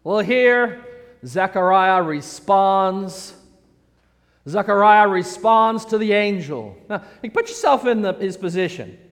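High-voiced playful male preacher. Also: animated, slow pace. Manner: playful, acts out the characters. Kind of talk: sermon with humorous asides. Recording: echoey hall.

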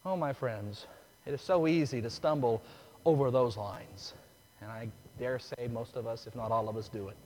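A man preaching a sermon, telling a story that swings from hushed, slow lines to loud, excited ones. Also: mid-range voice, a little hiss or hum. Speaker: pastor. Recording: long hall reverb.

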